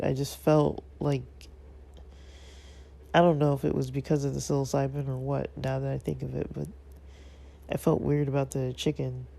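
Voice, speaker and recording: Vlogger with a stuffy nose: heavy vocal fry, mellow tone, hesitant and rambling. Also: medium pitch. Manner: hesitant, rambling, many fillers. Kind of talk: casual reflective monologue.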